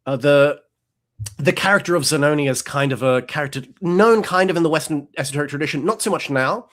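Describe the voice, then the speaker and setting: A man's voice: a little high, fairly quick. A man in casual conversation as the host, talking with energy and slipping into little voices for characters. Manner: animated, acts out quoted characters, frequent restarts. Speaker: podcast host. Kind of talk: casual chat.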